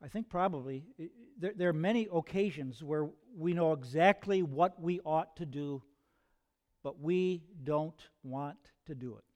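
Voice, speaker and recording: A man preaching from the pulpit, his voice sitting fairly high for a man. He talks earnestly and conversationally, stumbling into restarts and throwing rhetorical questions at his listeners. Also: unhurried, a little mellow. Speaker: pastor. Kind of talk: sermon.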